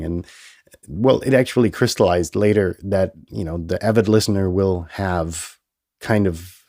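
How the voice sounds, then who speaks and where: A man hosts his own podcast, rambling and swearing and laughing at himself. He talks slowly in a very low voice that still sounds a little nasal from a cold. The close mic is dry, with no room sound. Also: dark tone, no room sound. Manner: rambling, profane, self-amused. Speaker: podcast host. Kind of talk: casual solo podcast monologue. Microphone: headphones and studio mic.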